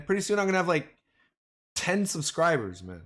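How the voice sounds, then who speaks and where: With a fairly high, a bit bright voice that swings widely in pitch, this livestream host talks at a moderate pace. He rambles and jokes casually, frequently addressing viewers as "boys" and "man."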